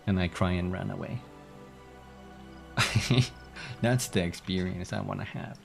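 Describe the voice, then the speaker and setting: A man's voice: low voice, steady tone, a little slow, gravelly, long pauses, faint music behind. A man streaming a game, chatting casually and playfully with viewers. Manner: rambling, playful, hums and yawns. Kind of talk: casual gameplay chat.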